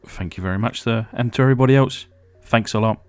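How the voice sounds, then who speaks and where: A man's voice: mid-range voice, quick pace, a little mellow, clean tone, faint music behind. A man from England hosting a casual hobby vlog, chatty and rambling, with lots of ums and uhs. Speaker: diecast restoration channel host.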